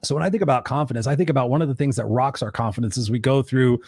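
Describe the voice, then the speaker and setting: A man's voice: mid-range voice, rapid-fire, a little mellow, slightly rough, no room sound. Casual man hosting on a dry mic. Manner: casual, conversational, swears. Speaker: host. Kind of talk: live show hosting, reading comments.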